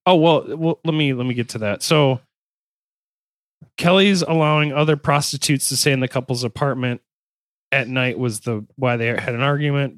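A man's voice: mid-range voice, no room sound. Man reading notes on a dry mic. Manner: joking, self-interrupting while reading. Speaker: podcast host. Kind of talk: casual chat, reading notes aloud.

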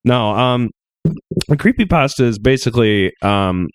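A man's voice: medium pitch, expressive, a little slow, clear, resonant tone. A young adult man hosting a casual podcast, crude and joking, reading out a creepy internet story between laughs.

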